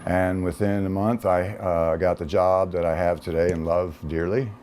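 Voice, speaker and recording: A man speaks in a relaxed, plain-spoken way, often pausing on fillers. His voice is very low and mellow. Faint noise sits behind him. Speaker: speaker sharing a personal story. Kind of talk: casual personal talk.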